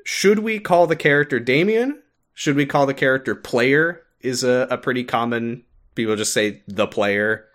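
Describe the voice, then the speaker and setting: Medium-pitched and fairly bright, this man's voice moves at a moderate pace. He co-hosts a podcast, chatting casually while explaining a game's story, with frequent laughs and fillers.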